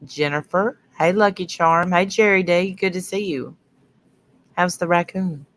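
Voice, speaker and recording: A woman's voice: lowish voice, a little slow. A middle-aged woman hosting a casual livestream, sniffly from her sinuses, rambling as she greets viewers by name between stories. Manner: rambling, chatty, greets viewers mid-sentence. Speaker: livestream host.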